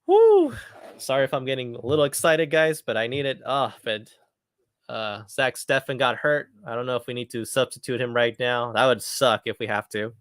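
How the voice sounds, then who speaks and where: Hosting a football watchalong live, a man talks a little fast in a medium-pitched, smooth, slightly bright voice with fairly even intonation. His chat is casual and eager, full of repeated phrases, and the clean studio recording carries no room sound.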